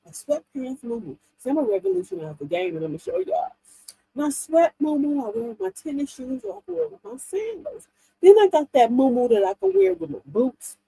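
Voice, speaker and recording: A woman's voice: high-pitched, brisk, vocal fry, no echo, rough recording. A middle-aged woman, hosting a livestream in a casual, laughing, chatty way. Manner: animated, laughing, chatty storytelling. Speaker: livestream host. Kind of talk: casual chat. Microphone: livestream mic.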